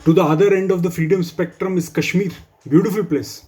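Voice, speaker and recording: A man's voice: high voice, fairly even intonation, a little fast, dark tone. Wry man doing stand-up. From India. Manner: wry, dry humor with asides. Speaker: stand-up comedian. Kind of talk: stand-up comedy set for office colleagues.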